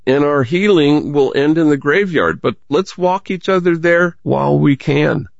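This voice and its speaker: A man's voice: fairly high pitch, unhurried, dry recording, lo-fi sound. An older man, a priest, telling stories in a reflective radio interview. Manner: animated storyteller, gravelly voice.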